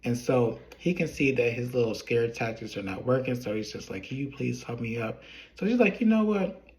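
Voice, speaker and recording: A man's voice: medium pitch, animated, moderate pace, darkish tone. A man giving a casual recap of a TV drama episode, quoting each character's lines in turn with "he was like" and "she was like". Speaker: show recap reviewer.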